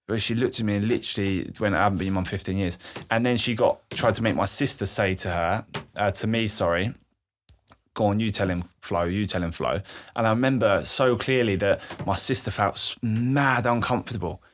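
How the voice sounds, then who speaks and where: Brisk and fairly low-pitched, this young podcast guest tells an emotional, candid story about himself, cursing freely and performing the quoted voices. There's slight background noise.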